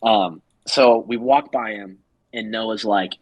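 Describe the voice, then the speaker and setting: Husky man telling a rambling story. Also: fairly low pitch, takes it slowly, no room sound, low-quality recording. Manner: rambling, filler-heavy, acts out quoted people. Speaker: podcast co-host. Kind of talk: casual storytelling.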